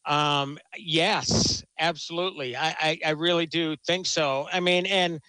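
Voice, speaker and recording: A man's voice: on the high side, steady tone, a little slow, pushed and bright, clear, resonant tone, no room sound, rough recording. A man talking casually about a film, enthusiastic and rambling, often restarting his sentences. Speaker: film critic guest. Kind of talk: casual chat.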